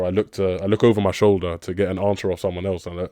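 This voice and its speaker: A man co-hosting a casual podcast chat, skeptical and joking in an animated way. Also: deep voice, rapid-fire, no room sound, studio quality. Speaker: podcast co-host.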